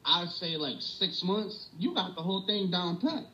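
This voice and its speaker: A young man with a New York accent, chatting casually, full of slang and swearing, telling animated stories. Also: sits high, normal speed, highs cut off. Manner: slangy, profane, animated storytelling. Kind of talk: casual chat.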